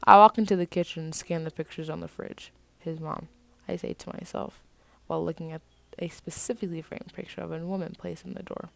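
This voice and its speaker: A woman from the United States reads her own first-person fiction with a fairly low, gravelly voice. She drops into casual asides between passages, and the sound is close and dry. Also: steady tone, fairly quick, no echo. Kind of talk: first-person story reading.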